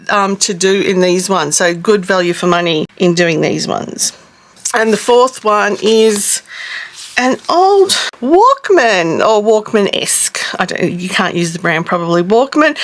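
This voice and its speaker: Middle-aged woman, fairly high voice, chatty, rambling, quick talker, casual craft vlog. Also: fairly bright tone. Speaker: craft channel host. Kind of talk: casual show-and-tell vlog.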